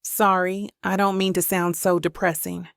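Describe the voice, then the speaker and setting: Brief: a woman reading as a gentle, wistful young man in a storybook, low-key with a gravelly edge. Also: level tone, moderate pace, dry recording, studio quality. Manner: soft-spoken, solemn.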